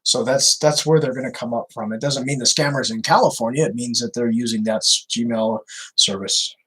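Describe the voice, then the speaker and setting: A man's voice: mid-range voice, brisk, fairly bright tone, breathy edge, poor audio. A man who baits scammers, answering viewer questions in a chatty Q&A livestream, repeating himself with many fillers. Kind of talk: casual Q&A livestream.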